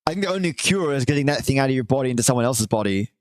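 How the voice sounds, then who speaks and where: A man hosting a live stream, chatting casually and warmly with viewers and reading aloud, with the odd swear. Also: mid-range voice, animated, rapid-fire, no echo. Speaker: livestream host.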